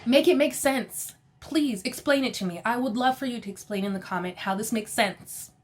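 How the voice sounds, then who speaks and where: A woman recapping a reality show in a casual, opinionated way, animated and sassy, often laughing and quoting people in exasperated voices. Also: a little high, fairly quick.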